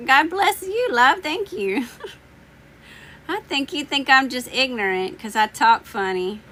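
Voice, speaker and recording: A tarot reader on a livestream chats casually with viewers, answering them with teasing, laughter and slang, though her voice is getting worn as she loses it. She speaks slowly in a high, pushed, bright voice with lively intonation.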